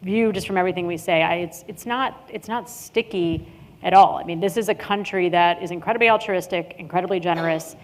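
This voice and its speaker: Low-voiced woman explaining in a hall. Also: brisk. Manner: thoughtful, explanatory, some restarts. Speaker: panelist, data researcher. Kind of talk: conference panel talk. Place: hotel ballroom. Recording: reverberant hall with faint ambience.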